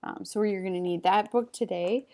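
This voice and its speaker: Woman, teacher, recorded reading lesson, clear patient delivery, call-and-response drills. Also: mid-range voice, steady tone, moderate pace, dark tone.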